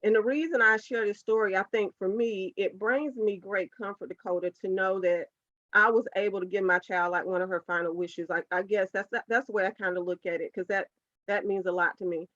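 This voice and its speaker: A woman's voice: medium pitch, steady tone, fairly quick, fairly bright tone, dry recording. A woman, a podcast guest telling a personal story as a heartfelt, earnest faith testimony. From United States, South Carolina. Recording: dull, dry lo-fi podcast audio.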